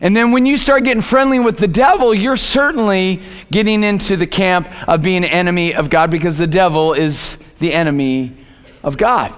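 High-voiced preaching man, echoey hall. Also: moderate pace, smooth. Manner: conversational preaching with frequent repeated words. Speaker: pastor. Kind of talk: sermon.

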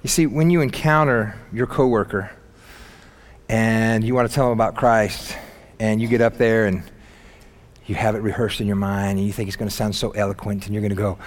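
A man preaching a sermon in church, animated and humorous, jumping between loud bursts and quiet asides and laughing at his own jokes. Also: fairly low pitch, a little fast. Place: church sanctuary.

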